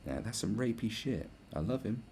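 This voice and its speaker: A man's voice: fairly low pitch, animated, moderate pace, darkish tone, slight background noise. A man, hosting a podcast in a crude, blunt, rambling solo rant full of swearing and sarcasm. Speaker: podcast host.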